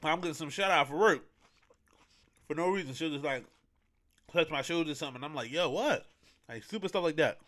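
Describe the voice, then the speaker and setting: Bright-voiced young man telling a story. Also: on the high side, fast talker, pauses often. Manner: slangy, rambling, with many fillers. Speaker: podcast host. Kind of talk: casual storytelling.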